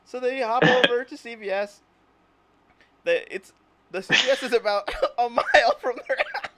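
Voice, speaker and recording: A man's voice: extremely high pitch, normal speed, fairly bright tone. A man hosting a casual chat, rambling through stories, laughing constantly and acting out silly imagined lines. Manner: giggly, rambling, laughs through his words. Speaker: host.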